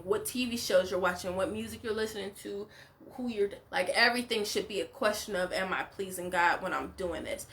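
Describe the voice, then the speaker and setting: A woman hosts a casual recap of a reality show, giving reaction commentary that is opinionated and emphatic and packed with "like" and "you know." Her voice is mid-range and somewhat bright.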